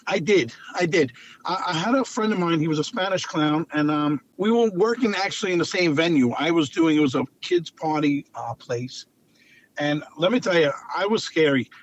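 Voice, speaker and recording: A man, a clown telling lively stories as an interview guest and repeating phrases for emphasis. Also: on the high side, moderate pace. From Long Island, New York. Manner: animated anecdotal storyteller, repeats phrases for emphasis. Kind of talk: casual storytelling interview. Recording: dull lo-fi audio.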